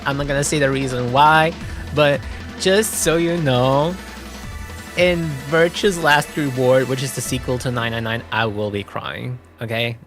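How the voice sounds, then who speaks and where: Chatty young man streaming a game. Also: medium pitch. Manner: chatty, emotional, swears casually. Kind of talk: casual gameplay chat. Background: game music.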